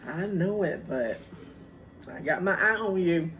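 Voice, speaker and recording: A woman vlogger chatting casually while eating, playful and quick to laugh. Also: lowish voice, animated, fairly bright tone. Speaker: mukbang vlogger. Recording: noisy home recording.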